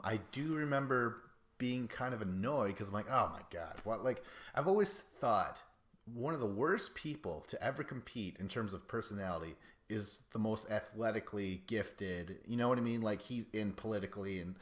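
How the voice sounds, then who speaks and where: Male podcast host, lowish voice, loose and profane, excitable rambling commentary.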